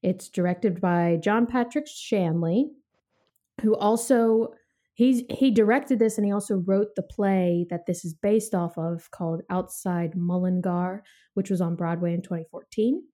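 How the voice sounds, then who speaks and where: A woman with a fairly low, mellow voice hosts a casual movie podcast, speaking a little slowly. She's chatty, laughs often, and reads a film synopsis aloud as part of the review.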